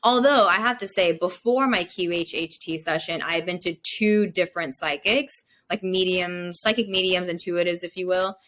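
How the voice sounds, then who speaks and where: A young woman speaks in a slightly low register, chatting loosely as a podcast guest. She retells her experience in animated bursts and leans on "like" constantly. Her delivery is casual storytelling, not scripted. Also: moderate pace, few pauses. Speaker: mindset coach, podcast guest.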